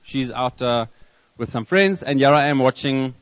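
A man with a South African accent preaching a sermon, telling a story in a reflective way with pauses and restarts. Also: medium pitch. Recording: long hall reverb, dull lo-fi sound.

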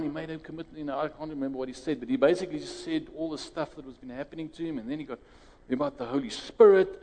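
A man's voice: fairly high pitch, a little mellow, in a large hall, rough recording. A South African man preaching a sermon and leading prayer in a conversational way, restarting phrases and rising sharply when he quotes others.

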